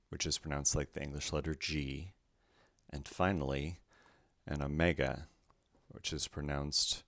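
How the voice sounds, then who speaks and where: A man's voice: very deep voice, a bit bright, dry recording, clean studio sound. A man teaching Greek pronunciation, going carefully through each word letter by letter in a methodical way. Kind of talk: slow letter-by-letter pronunciation lesson.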